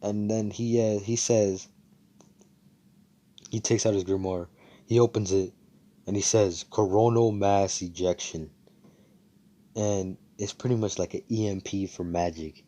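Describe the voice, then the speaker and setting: A man's voice: on the low side, fairly even intonation, a little slow, long pauses, mellow. A man casually narrating a fan story, rambling with fillers and swearing.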